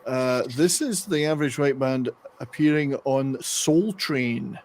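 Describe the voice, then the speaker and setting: A man's voice: medium pitch, unhurried, darkish tone. A man hosting a casual interview podcast, eagerly prompting his guest with questions. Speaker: podcast host.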